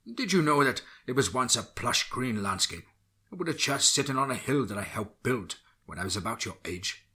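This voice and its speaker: A man voicing a kindly village priest who speaks gently and reassuringly. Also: medium pitch, expressive, normal speed, breathy edge.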